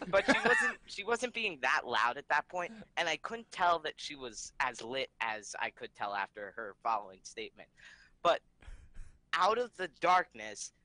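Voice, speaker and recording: A man's voice: medium pitch, very animated, a little slow, bright, forceful tone, dry recording, low-quality recording. A man telling a rambling story on a live podcast, laughing between lines.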